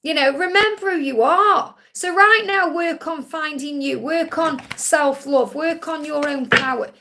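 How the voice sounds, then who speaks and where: Unhurried and sharp-toned, a high-pitched woman gives spiritual readings at a live Q&A she hosts. She keeps things soothing and reassuring and repeats phrases.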